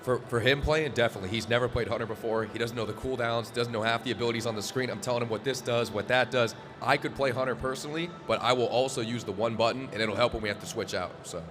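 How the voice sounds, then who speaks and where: A man's voice: mid-range voice, quick pace, few pauses, over music. A man competing at a game event, explaining his teammate's play matter-of-factly. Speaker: game contestant. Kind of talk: casual explanation.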